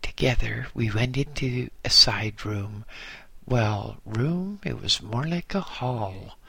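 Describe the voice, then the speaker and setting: A man narrating a memoir as an audiobook, in slow, measured storytelling. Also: mid-range voice, animated, creaky, sharp tone, slightly rough, no room sound.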